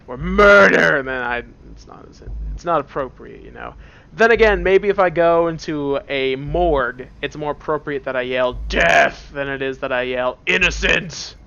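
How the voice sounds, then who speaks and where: A man playing a computer game in a dark room at home, with headphones on, talking through it in a playful, joking way. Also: medium pitch, moderate pace, smooth, lo-fi sound. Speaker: let's play host. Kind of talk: casual gameplay commentary. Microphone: wearing headphones at the computer.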